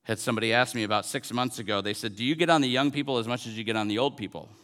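A man's voice: medium pitch, racing, a bit bright. A man in his forties, a pastor, preaching a sermon in an earnest way, repeating phrases and building to emphatic peaks. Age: 40s.

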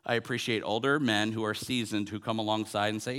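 A man's voice: on the low side, level tone, a little fast, hardly any pauses, fairly bright tone. A man in his forties, a pastor, preaching a sermon in an earnest way, repeating phrases and building to emphatic peaks. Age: 40s.

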